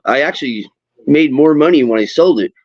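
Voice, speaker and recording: A middle-aged man hosting a casual chat while fishing, an animated storyteller who swears freely and acts out the people in his stories. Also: mid-range voice, brisk, dry recording. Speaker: host. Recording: dull lo-fi sound.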